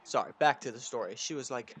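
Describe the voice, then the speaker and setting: A man's voice: mid-range voice, normal speed, fairly bright tone, dry recording. A young man telling crude, profane stories in a casual rant while playing a video game. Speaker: gaming channel host. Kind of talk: casual storytelling over gameplay.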